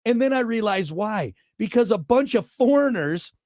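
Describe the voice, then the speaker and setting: A male podcast host in casual chat, ranting in mock outrage. His voice is high and swoops all over the place. The sound is close and dry. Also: animated, normal speed, a little mellow, dry recording.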